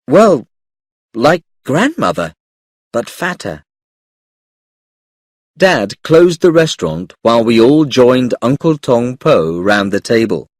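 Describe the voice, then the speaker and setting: Slow, husky-voiced male storybook reader. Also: medium pitch, no echo, clean studio sound. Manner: clear, careful storytelling. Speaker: audiobook reader. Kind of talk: slow narration of a graded English reader.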